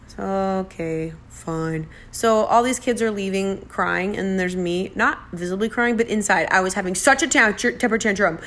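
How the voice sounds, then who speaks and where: Chatty American woman telling a travel story. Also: medium pitch. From United States. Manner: chatty, animated, self-deprecating, acts out dialogue.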